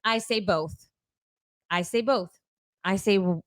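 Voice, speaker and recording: A woman's voice: mid-range voice, normal speed. A woman with a South Texas accent co-hosting a casual podcast chat, teasing and laughing often. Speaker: podcast co-host.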